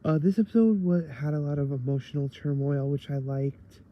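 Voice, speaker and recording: A man's voice: on the high side, a little fast, dull audio. A man giving a rambling casual review of a TV episode, tired late at night and full of fillers.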